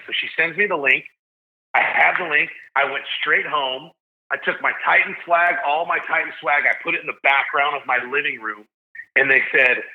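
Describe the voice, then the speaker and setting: A man in his forties from Tennessee, a podcast guest telling a story in a casual, slangy way and acting out the voices he quotes. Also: fairly high pitch. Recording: tinny phone-line sound.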